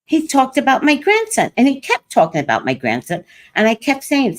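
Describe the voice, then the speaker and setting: A woman's voice: high voice, moderate pace. An older woman hosting a livestream, telling a personal story in casual chat and acting out what others said. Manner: animated storytelling, quoting others. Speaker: host.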